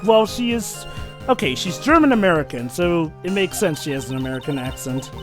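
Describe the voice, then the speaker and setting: Lively voice steering a gaming chat. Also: mid-range voice, a little fast, over music. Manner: steers the chat back to the game, shouts game catchphrases. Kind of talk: casual group chat and game reading.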